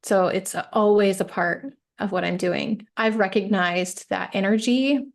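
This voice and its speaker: Reflective woman coach, gravelly voice. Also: medium pitch, unhurried. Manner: reflective, emphatic, peppers with "right?". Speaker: healing coach guest. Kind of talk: casual interview chat.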